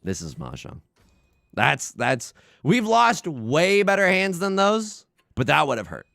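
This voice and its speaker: Excitable gravelly-voiced male streamer. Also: high-pitched, unhurried, no echo, clean studio sound. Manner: excitable, rambling, shouts when the game turns. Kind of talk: livestream commentary over a mahjong game.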